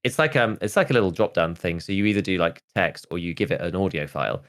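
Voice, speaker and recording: A podcast host in his thirties talks in a very low, deep voice. He rambles through casual chat, stacking "like" and half-finished starts as he works his way to a point. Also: lively intonation, fast, fairly bright tone. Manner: rambling, full of "like" and restarts.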